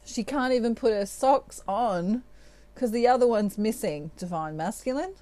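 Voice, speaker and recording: A woman's voice: fairly high pitch, moderate pace, mellow, dry recording. A middle-aged woman giving a tarot reading, laughing often and acting out quoted lines. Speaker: tarot reader.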